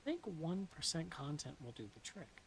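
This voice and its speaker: A woman reading a novel aloud in a soft-spoken ASMR style, slipping into whispers now and then, with dry, deadpan humor. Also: sits low, normal speed, creaky, slight background noise, low-quality recording. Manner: soft, dips into whispers at times.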